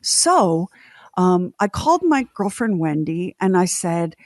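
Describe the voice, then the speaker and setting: A woman's voice: lowish voice, slow, dry recording, clean studio sound. A middle-aged woman co-hosting a podcast, telling a long story in casual chat and acting out the voices of the people she quotes. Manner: animated, acts out quoted voices. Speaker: podcast co-host.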